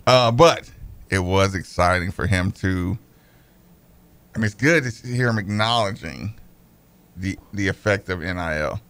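A man's voice: sits low, animated, unhurried, long pauses, a bit bright, clean tone, no echo. A man from North Carolina co-hosting a casual sports talk show, rambling with frequent restarts. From Asheville, North Carolina. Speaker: podcast co-host.

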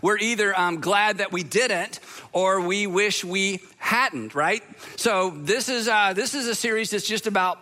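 A male pastor opens a sermon in a conversational manner, pausing with fillers as he gathers his thoughts. His voice sits high for a man and sounds bright and clear.

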